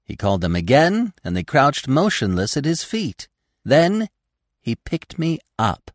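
A man's voice: medium pitch, huge pitch swings, unhurried, no echo, studio quality, voice pushed up. A man voicing a proud, boastful young deer boasting of his winter among people. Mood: storytelling. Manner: boastful, superior.

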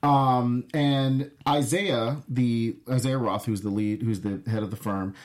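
A man's voice: mid-range voice, fairly even intonation, measured pace, a little mellow. A man hosting a casual discussion of a TV episode, reading out his notes and putting questions to the group. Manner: leads the talk, reads out notes, asks the group questions. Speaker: podcast host. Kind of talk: casual chat about a TV episode.

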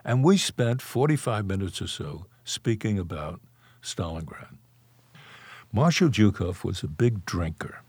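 A man's voice: low-pitched, darkish tone, slightly rough, no room sound. An older man, a guest author in a podcast interview, telling wry stories from his past and chuckling now and then. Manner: anecdotal, wry, chuckles while recalling.

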